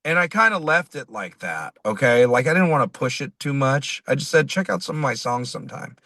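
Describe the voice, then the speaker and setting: A man, a singer-songwriter, telling a personal story as a guest in an interview, lively and quoting others as he goes. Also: mid-range voice, a little fast, no room sound. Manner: animated, quotes people in his stories.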